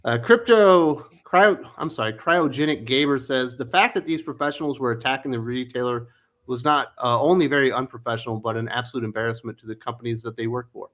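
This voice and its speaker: A man's voice: medium pitch, fairly quick, a bit bright. A man hosting a casual comics panel chat, blunt and swearing freely as he reads out comments. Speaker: podcast host.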